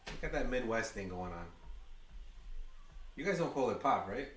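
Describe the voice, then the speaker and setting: A man's voice: medium pitch, moderate pace, slight background noise. New york guy hyping up a ballgame for his stream chat, echoey room, mic kinda far off. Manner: chatty, excitable, talks to chat. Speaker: livestream host. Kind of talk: fan watch-along commentary.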